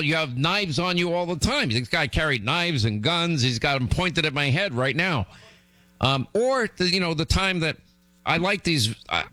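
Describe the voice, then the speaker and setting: Animated, teasing male radio host. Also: dry recording. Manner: animated, teasing, jumps up in pitch for exasperated asides. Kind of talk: rambling comic storytelling on air.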